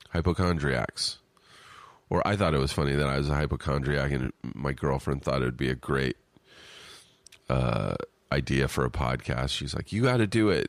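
Very deep-voiced man with sniffles. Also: vocal fry, no room sound. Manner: rambling, self-deprecating, profane asides. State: sniffly with allergies. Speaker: podcast co-host. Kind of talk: casual chat, reading listener emails. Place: at home in his apartment.

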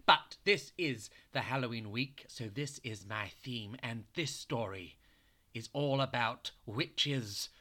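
A man's voice: mid-range voice, slow pace, sharp tone. A man hosting a children's storytelling podcast, chatting playfully and narrating with animation. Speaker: host and storyteller.

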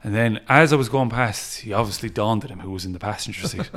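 An Irish man, a music festival promoter, chatting on a podcast and telling lively stories, acting out other people's lines and laughing often. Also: lowish voice, fast talker, very noisy. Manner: animated storyteller who acts out quotes and laughs often. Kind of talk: casual podcast interview, storytelling.

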